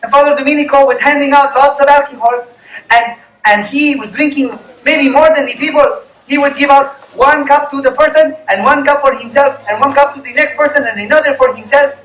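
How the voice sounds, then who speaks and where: An apologetic, earnest village man tells what he saw, voiced by a male storyteller. The voice rides high and breathless with worry. It sounds far off in an echoey tent. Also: fairly even intonation, a little fast, a bit bright.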